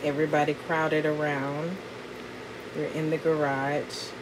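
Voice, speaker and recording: Lowish-voiced woman talking slow and chatty for her vlog, lots of ums and likes. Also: little pitch movement, noisy background. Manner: chatty, with many fillers. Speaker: vlogger narrating a gift unboxing. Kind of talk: casual vlog and voiceover narration.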